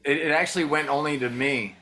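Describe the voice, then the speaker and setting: A relaxed man chatting on a video call in a songwriting circle. He talks in an easygoing way and keeps things moving along. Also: a little high, quick pace, a little hiss or hum. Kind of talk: casual chat on a video call.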